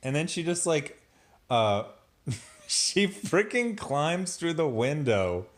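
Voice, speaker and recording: Guy ranting about a tv episode, sarcastic, pitch jumps all over, keeps laughing. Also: takes it slowly. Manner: sarcastic, animated, laughs a lot. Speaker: TV show reviewer. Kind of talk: casual episode review.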